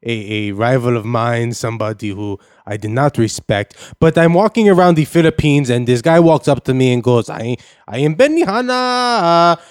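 A man's voice: mid-range voice, expressive, moderate pace, few pauses, smooth, dry recording, studio quality, close to an everyday voice. A man voicing an overemotional foreign actor who is melodramatic and tearful. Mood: boastful. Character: overemotional foreign male actor with a vague accent. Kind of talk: improvised comedy podcast bit.

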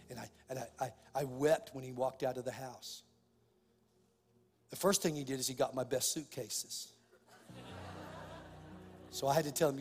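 A man's voice: mid-range voice, long reverb tail. Impassioned male pastor preaching. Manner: impassioned, swings between hushed and loud. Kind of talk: sermon.

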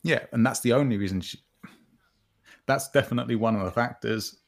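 A man's voice: medium pitch, a little fast, gravelly. A man on a casual podcast, giving blunt, opinionated takes and swearing freely. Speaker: podcast co-host. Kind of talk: casual chat.

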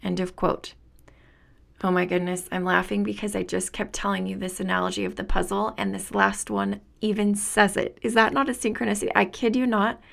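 A woman's voice: medium pitch, steady tone, fairly quick, vocal fry, a bit bright. A woman hosting a spiritual podcast, talking in an earnest, enthusiastic way and laughing often. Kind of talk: reflective spiritual monologue.

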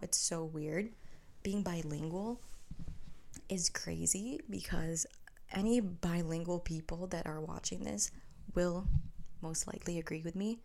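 A woman's voice: fairly low pitch, gravelly, darkish tone. A young woman from the Philippines who speaks English with an American accent and a slight Filipino tinge, hosting a casual chat podcast from home at night, rambling and sometimes dropping into whispers. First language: Tagalog. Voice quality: chatty, rambling, drops into whispers. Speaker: podcast host.

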